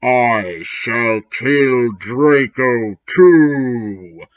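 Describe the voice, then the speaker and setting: A man putting on a raspy evil dark lord. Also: mid-range voice, lively intonation, dull audio. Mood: menacing. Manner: slow, archaic threatening speech. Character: evil noseless male dark lord, menacing.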